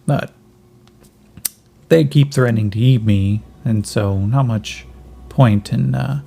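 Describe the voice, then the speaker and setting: A man voicing a skinny, starving cyborg boy who jokes darkly and rambles, in a gravelly voice a little higher than his own. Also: slow, mellow. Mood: joking. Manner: wry, rambling, gallows humor. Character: skinny starving cyborg kid, chatty, joking.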